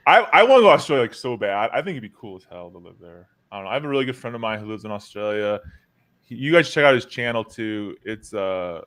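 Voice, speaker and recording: A man's voice: lowish voice, lively intonation, fast, fairly bright tone. A man from the United States hosting a podcast, chatty and joking through a casual interview. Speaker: podcast host.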